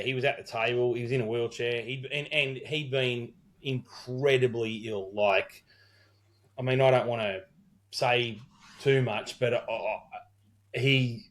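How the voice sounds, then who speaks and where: A man's voice: mid-range voice, a bit bright. A middle-aged Australian man, a wedding celebrant, co-hosting a podcast and telling a rambling story full of quoted dialogue and swearing. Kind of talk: casual storytelling chat.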